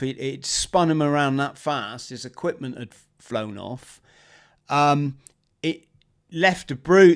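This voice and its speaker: Animated ex-marine telling war stories. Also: male voice, mid-range voice. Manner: animated storyteller, acts out shouted quotes. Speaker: podcast guest, former marine. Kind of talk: storytelling interview. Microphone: video call.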